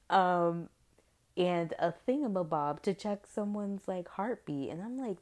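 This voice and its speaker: A woman's voice: fairly low pitch, slow pace, long pauses, a little mellow. A young woman hosting a podcast, chatting casually about a TV episode with lots of fillers and exaggerated reactions. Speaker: podcast host. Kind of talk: casual TV recap chat.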